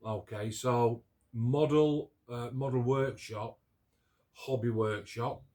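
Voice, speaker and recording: A man with a Barnsley Yorkshire accent chatting casually about building scale models, rambling along with frequent restarts and broad local grammar. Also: medium pitch. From England. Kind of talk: casual chat.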